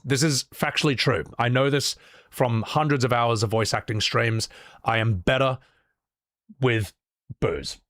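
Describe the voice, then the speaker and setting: A man's voice: medium pitch, a little slow, pauses often, no echo, studio quality. A man streaming a game and voicing its characters, chatting casually, rambling, swearing freely and joking at his own expense. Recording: loud game music behind.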